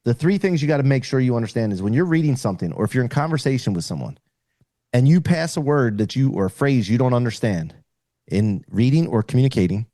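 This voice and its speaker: A middle-aged man talks as a podcast guest, earnest and explanatory, often restarting his sentences. His voice is dark and mellow, recorded dry and close with no room sound. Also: medium pitch, lively intonation, quick pace, dry recording. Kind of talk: casual conversation.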